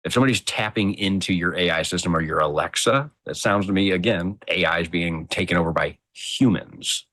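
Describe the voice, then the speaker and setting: A man's voice: deep voice, brisk, a bit bright. A man guest on a casual talk show, thinking aloud and making emphatic points. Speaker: podcast guest. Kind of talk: casual chat.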